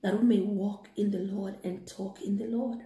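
A woman retelling a moral story and preaching, animated and excitable. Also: mid-range voice, moderate pace. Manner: animated, excitable, laughing asides. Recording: echoey room.

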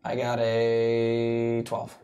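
A man's voice: medium pitch, monotone, drawn-out words, dark tone. A man playing a tabletop game, talking casually and checking the rules with questions. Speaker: player.

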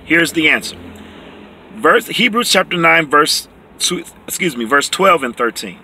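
A man teaching from the Bible, reading verses slowly and explaining them emphatically, often checking in with "okay?". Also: on the high side, sing-song, pushed and bright, slight background noise. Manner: reads scripture slowly and deliberately.

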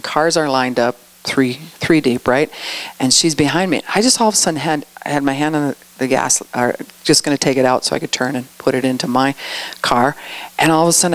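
A middle-aged woman giving a conversational sermon, telling stories and acting out quoted lines. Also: a bass voice. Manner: storytelling, acts out quotes with animated voices. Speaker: speaker at a church outreach.

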